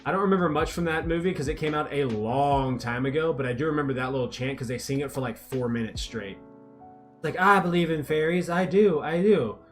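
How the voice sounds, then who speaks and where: A man's voice: mid-range voice, fast, soft background music. A young man livestreaming a game, chatting casually, reading viewers' messages aloud and teasing them. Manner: rambling, playful, reads chat aloud and teases viewers. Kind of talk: casual livestream chat while gaming.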